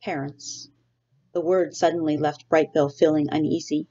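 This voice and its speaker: A woman teacher reads a children's novel aloud to her class in a steady storytelling way. Her voice is low and gravelly. The recording sounds dull and lo-fi. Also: moderate pace.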